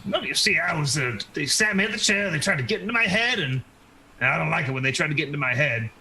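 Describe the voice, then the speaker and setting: A man puts on a cantankerous, hunched old woman for a tabletop game, her voice raised and rambling, full of suspicion. She grumbles along with lively ups and downs, and the sound is bright. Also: a little high, quick pace, voice pushed up, full character voice, low-quality recording. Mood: suspicious.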